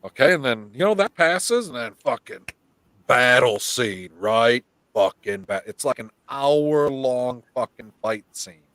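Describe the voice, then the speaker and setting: Foul-mouthed, animated man in a dry room. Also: mid-range voice, a little slow, no echo. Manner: animated storytelling, heavy swearing. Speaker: podcast host. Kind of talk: casual live podcast chat.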